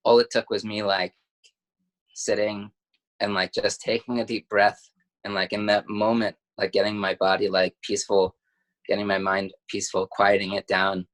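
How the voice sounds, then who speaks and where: Man, low voice, earnest and halting in relaxed conversation. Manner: halting, filler-heavy, earnest. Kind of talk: casual spiritual chat.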